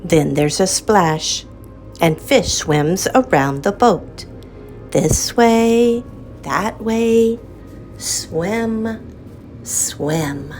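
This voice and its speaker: A woman reading a picture book aloud to children, in a slow, lilting and expressive storyteller's manner. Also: fairly low pitch, soft background music.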